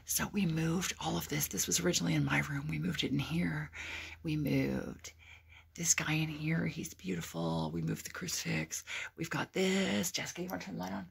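A woman vlogging at home in a hushed, excited whisper, swearing casually as she shows things off. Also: low-pitched, moderate pace, gravelly, slightly rough. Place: indoors at home.

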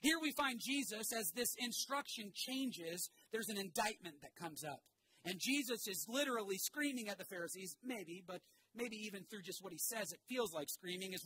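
In a church sanctuary, a high-voiced male pastor tells a story to his congregation at a moderate pace, energetically animated with shouted asides and getting the crowd to echo phrases back. The audio is poor, with a little hiss or hum.

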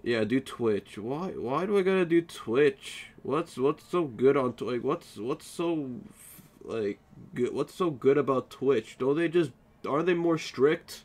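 Tired young man streaming, lively voice. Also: medium pitch, a little slow. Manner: drowsy, playfully defensive banter. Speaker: live streamer. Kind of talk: casual live-stream chat with viewers.

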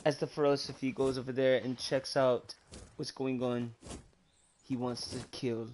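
A man's voice: medium pitch, little pitch movement, measured pace, darkish tone, a little hiss or hum. A young man doing profane, joking commentary and mock narration over gameplay. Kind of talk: comic gameplay fan dub commentary.

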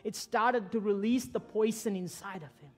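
A man's voice: high voice, normal speed, soft background music. A man preaching a church sermon, retelling a story dramatically with sudden swells and drops in volume. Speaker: pastor.

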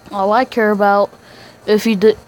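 A man's voice: sits high, poor audio. A young male gamer with a sick, congested voice, chatting aimlessly to viewers while playing. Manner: rambling, chatty asides to viewers. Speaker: gaming channel host. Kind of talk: let's-play game commentary.

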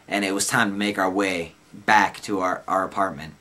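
A man's voice: low voice, steady tone, normal speed, sharp tone. Laid-back young man telling a rambling story. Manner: rambling, loose and slangy, lots of "like" and "dude". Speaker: vlogger telling a personal story. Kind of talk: casual storytelling.

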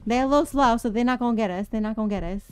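A young woman streaming a game with friends. She is loud, dramatic and playful, and she laughs a lot. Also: fairly high pitch, racing, clean tone, rough recording. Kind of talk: casual gaming chat with friends.

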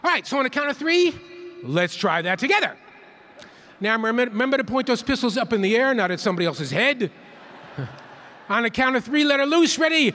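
A male keynote speaker gives a playful, interactive plenary talk in a large conference hall, leading the audience through call-and-response counts. His very high voice swings widely in pitch, and he speaks briskly with a bright, forceful tone.

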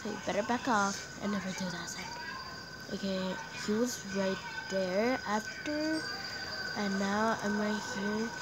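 A woman giving let's play commentary on a horror game, panicking and shrieking, repeating herself, then muttering to calm herself down. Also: mid-range voice, unhurried, heavy background noise. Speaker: gamer playing a horror game.

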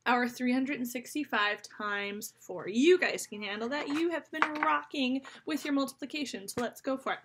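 Speaking at normal speed with few pauses, a woman whose voice sits high teaches fifth grade math on video. She addresses her students directly, upbeat and encouraging, as a toddler babbles nearby and faint background noise lingers.

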